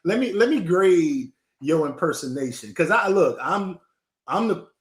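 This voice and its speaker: A man appearing as a guest candidate, talking in an animated, teasing way and often repeating himself. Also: fairly high pitch, a little slow, roomy sound. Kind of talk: casual chat.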